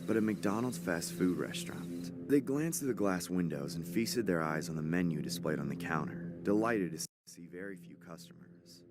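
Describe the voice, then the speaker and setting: A man's voice: low-pitched, noisy background. A man narrating a horror story in a dramatic scripted style. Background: music.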